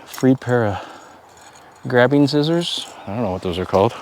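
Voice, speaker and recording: A man narrating a casual outdoor travel vlog, joking to himself while he explores a lake and drives a rough road. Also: medium pitch, animated, normal speed, a little mellow, a little hiss or hum. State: out of breath at altitude. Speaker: travel vlogger. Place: outdoors by a mountain lake and in a vehicle.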